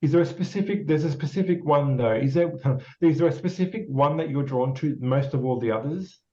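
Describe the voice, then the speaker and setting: Australian man, psychic medium, casual rambling reading, encouraging, warm tone, lo-fi sound. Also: fairly high pitch, fairly quick. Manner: rambling, repetitive, encouraging, many fillers and restarts. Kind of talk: casual spirit reading with a guest. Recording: slightly dull lo-fi sound.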